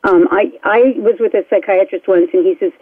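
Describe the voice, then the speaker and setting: A woman hosting a talk show, speaking fast and eagerly. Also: mid-range voice, slightly rough, dry recording. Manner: fast-talking and enthusiastic. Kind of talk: casual talk-radio chat. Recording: tinny phone line, dry.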